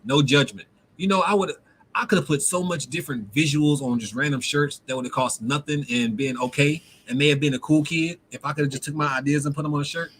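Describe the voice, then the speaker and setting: A man's voice: a little high, fast, fairly bright tone, a little hiss or hum, low-quality recording. A man hosting a casual livestream, talking loosely in slang and reading out viewer comments. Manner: laid-back, slangy, reads out viewer comments. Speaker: livestream host.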